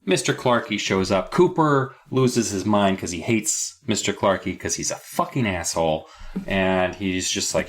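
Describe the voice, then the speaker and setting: A man's voice: deep voice, unhurried. A man co-hosting a podcast, recapping a book in casual chat with a sarcastic, profane edge. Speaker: podcast co-host.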